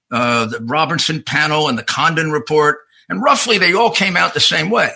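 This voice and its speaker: A man who was once a prosecutor and a mayor, speaking earnestly and with emphasis. His voice is gravelly and husky, with a very bright, sharp edge. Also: on the high side, poor audio. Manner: earnest and emphatic, with some restarts. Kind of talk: interview answer.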